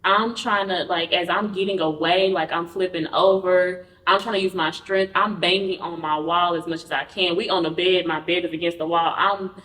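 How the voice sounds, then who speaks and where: A woman's voice: on the low side, normal speed, few pauses. Woman telling her story in a roomy space. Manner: animated, acts out quoted dialogue; candid, conversational. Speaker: podcast guest. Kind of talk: personal storytelling in an interview. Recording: roomy, mic at a distance.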